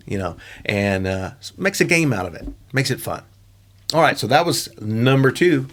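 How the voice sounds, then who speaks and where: A middle-aged man, an online English teacher, sharing classroom tips in a relaxed, chatty way with plenty of fillers and asides. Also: medium pitch. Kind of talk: casual teaching-tips monologue.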